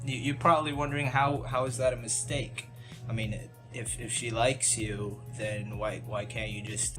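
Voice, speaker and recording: A young man telling a story in a casual vlog, rambling and self-deprecating, with many restarts and asides. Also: on the low side. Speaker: YouTube channel host. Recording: music bed under the voice.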